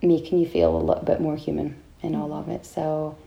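A woman in her thirties with a Scottish accent, co-hosting a casual podcast chat in a warm, reflective way. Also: low voice, sing-song, fairly quick, creaky. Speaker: podcast co-host.

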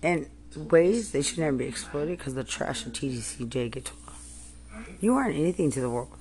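A woman in an angry personal rant, furious and accusing, repeating herself, cursing and often yelling. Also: very deep voice, animated, fairly quick.

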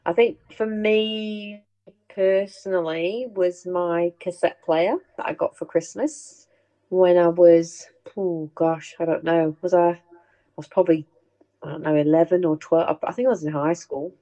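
A middle-aged woman hosting a casual chat, telling family anecdotes in an animated way and laughing along. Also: fairly low pitch, measured pace, low-quality recording. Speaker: host sharing family memories.

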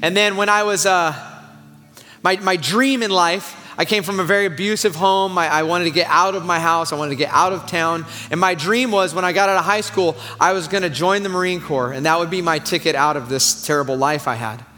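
A man preaching a sermon, telling a story in an animated, conversational way with frequent stammering restarts. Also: high-pitched, brisk. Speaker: pastor. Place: church sanctuary. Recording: long hall reverb, faint music.

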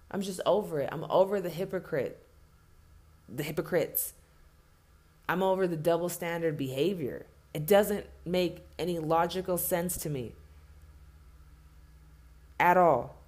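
A woman's voice: fairly low pitch, normal speed, mellow. A woman delivering an impassioned spoken rant, blunt and heavily profane, hammering points home by repeating herself.

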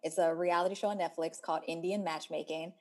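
Frank American woman, casual and relaxed. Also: on the low side, quick pace. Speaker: podcast co-host. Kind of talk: casual chat.

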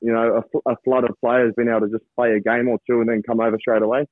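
An Australian man, a rugby league player, chatting as a guest over a call, halting with many restarts. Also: mid-range voice, level tone, no echo. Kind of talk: casual interview over a call. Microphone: phone or video call from abroad. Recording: thin phone line, dry.

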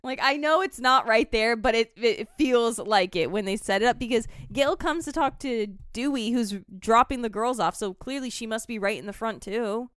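A woman co-hosting a casual movie review chat, quick to correct and argue her point. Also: on the high side, fairly bright tone, no room sound, studio quality. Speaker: podcast co-host.

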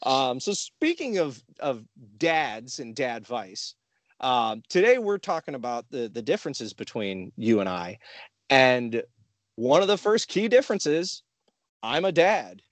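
With no room sound, a medium-pitched man speaks at a measured pace. As a podcast co-host he tells stories in relaxed conversation, lively and acting out others' quotes.

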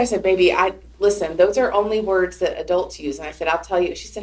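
A woman in her thirties, a podcast guest, chatting casually and telling lively stories about her young daughter. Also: fairly low pitch, fast, few pauses. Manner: animated storyteller, voices her child's lines. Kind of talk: casual chat.

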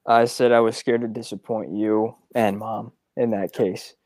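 A man's voice: fairly low pitch, flat delivery, unhurried, a little mellow, no echo. A man in his twenties, the son and co-host, talking casually and reflectively about his experiences, sincere with small hesitations. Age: 20s. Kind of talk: casual storytelling.

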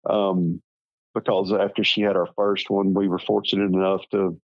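A middle-aged Southern man from Tennessee, telling his life story as an interview guest in a slow, halting, reflective way. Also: deep voice, level tone, no room sound, highs cut off. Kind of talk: personal storytelling.

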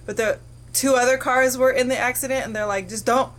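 Chatty higher-voiced podcast woman. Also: fairly even intonation, a little fast, a bit bright. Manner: chatty, laughing storyteller. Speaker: podcast co-host. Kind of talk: casual podcast chat.

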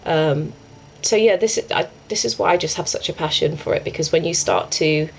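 Low, gravelly-voiced woman telling a story. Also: a little mellow, muffled recording, slight background noise. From England. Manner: earnest, rambling, many restarts and "I was like". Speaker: yoga and meditation teacher, podcast guest. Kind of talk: conversational storytelling.

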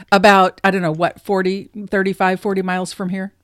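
A woman's voice: medium pitch, little pitch movement, normal speed, no room sound, studio quality. A woman co-hosting a casual podcast chat, laughing often and reading tips aloud from an article. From Southern California. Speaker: podcast co-host.

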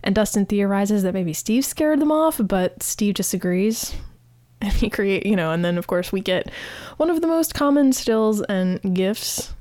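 A woman's voice: medium pitch, measured pace, dry recording. Chatty woman recapping, dry close sound. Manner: chatty, animated retelling with restarts. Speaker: podcast host. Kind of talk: casual episode recap.

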